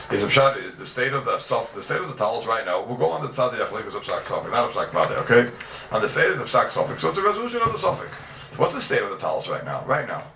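A man's voice: fairly low pitch, pushed and bright, roomy sound, far from the mic, slight background noise. A man teaching a class on religious texts, emphatic and full of rhetorical questions.

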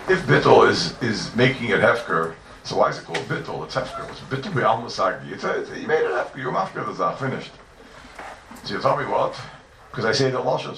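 A man teaching a Talmud class, animated and full of rhetorical questions, heard from a distance in an echoey room. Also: on the low side, vocal fry, slight background noise. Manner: animated, rhetorical questions, Yeshivish mix of Hebrew and Yiddish terms. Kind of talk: Talmudic lecture. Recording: echoey room, distant mic, faint ambience.

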